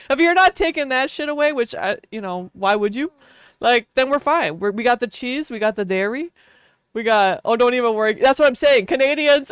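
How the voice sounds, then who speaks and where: A young woman with a Wisconsin accent chats away on her stream, wandering from thought to thought and laughing often. Her voice sits a little high and comes through smooth and clear. The sound is close and dry, with no room in it. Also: lively intonation, normal speed, dry recording. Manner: chatty, laughs often, rambling. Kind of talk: casual stream chat.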